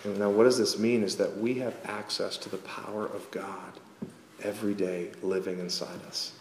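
A man preaching a sermon as pastor, earnest and lively with wry asides, in a church sanctuary. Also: lowish voice, moderate pace, slight background noise. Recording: echoey hall with long reverb.

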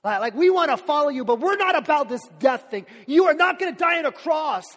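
A man's voice: very high voice, lively intonation, normal speed, voice pushed up. A man voicing an impulsive adult fisherman disciple, blunt and protesting, in a sermon retelling. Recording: long hall reverb.

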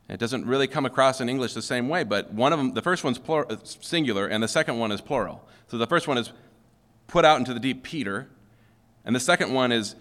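A man's voice: fairly low pitch, a bit bright. A male pastor preaching a sermon in a conversational way, often checking in with "okay?" and putting questions to the room. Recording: long hall reverb.

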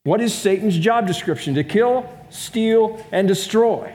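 A man's voice: sits high, a little slow, a little mellow. A man preaching a sermon as pastor, in a conversational way, putting rhetorical questions to his congregation. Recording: long reverb of a large room.

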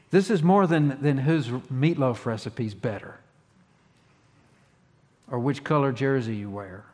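A man preaching in a plainspoken, folksy way, stopping to restart phrases and leaning hard on key words. His voice sits at an ordinary pitch and carries the long reverb of a church sanctuary. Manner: folksy, plainspoken, restarts often, animated emphasis. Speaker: pastor. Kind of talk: conversational sermon.

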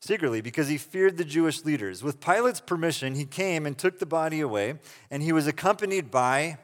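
A man preaching a sermon, retelling scripture in a casual, animated way with quick asides. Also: on the high side, long reverb tail. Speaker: pastor.

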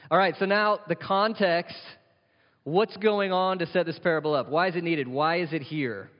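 A man's voice: a little high, moderate pace. A man preaching a sermon as pastor, earnest and conversational, lifting his voice for emphasis. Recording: dull sound with long hall reverb.

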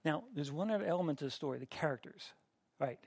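A middle-aged man leads a Bible class in a classroom, speaking in a fairly high voice with a gravelly edge. He chats his way through the lesson, asks the students questions and trips over his own restarts. The sound is dry and close. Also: lively intonation, fast, a little mellow, no room sound. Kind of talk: interactive Bible teaching.

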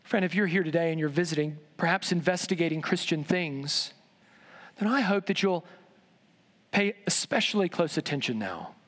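A man preaching a sermon in a church, emphatic, dropping low and slow on key words. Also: expressive, fairly bright tone. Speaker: pastor. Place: large church sanctuary. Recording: long reverb in a church hall.

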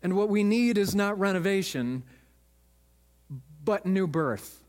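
A man's voice: sits high, animated, slow pace, darkish tone, in a large hall. A man, a pastor, preaching a sermon with emphatic storytelling in a church.

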